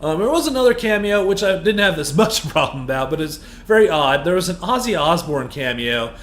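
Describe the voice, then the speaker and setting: A man giving a heated, profane movie review that builds into shouted rants. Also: fairly high pitch, big pitch swings, brisk. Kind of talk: ranting film review. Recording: echoey room.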